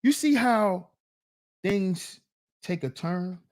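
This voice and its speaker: A man hosting a solo commentary show, reacting to a clip with teasing, drawn-out rhetorical questions. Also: high-pitched, animated. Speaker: commentary channel host.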